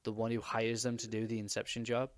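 A man hosting a podcast, telling stories in a rambling, animated way with many fillers. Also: fairly low pitch, fast, dry recording, studio quality. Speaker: podcast host. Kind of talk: casual chat.

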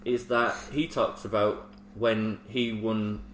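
A man's voice: on the low side, little pitch movement, takes it slowly, a little hiss or hum. A man co-hosting a casual podcast chat, supportive and fond of drawing comparisons. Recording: roomy echo, faint background.

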